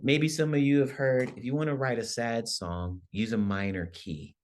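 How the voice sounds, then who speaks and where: A man's voice: medium pitch, moderate pace. A man, a songwriting professor, giving a conversational workshop lecture, often checking in with "right?" and acting out examples in different voices. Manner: animated, demonstrates with acted-out voices.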